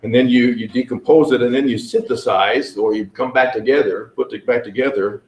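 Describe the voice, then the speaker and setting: A man presenting at a conference, asking the audience questions and speaking haltingly with many fillers. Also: medium pitch, dull audio. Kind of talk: interactive conference talk. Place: conference room. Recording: echoey room.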